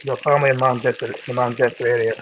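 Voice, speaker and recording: A Scottish man casually reading news stories aloud on a stream, stumbling over words and often clearing his throat. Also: mid-range voice, level tone, quick pace, muffled recording, a little hiss or hum. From Scotland.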